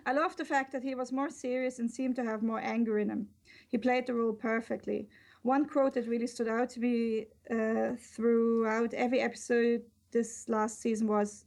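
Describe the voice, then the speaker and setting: A woman's voice: a little high, fairly even intonation, normal speed, vocal fry, darkish tone. A woman co-hosting a casual podcast chat, reading a listener's email aloud with joking asides. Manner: laughs often, reads with asides. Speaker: podcast co-host.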